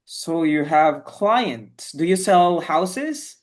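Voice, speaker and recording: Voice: medium pitch, animated, extremely slow. An English teacher running an online class, encouraging and patient, often saying "okay, very good". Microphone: video call.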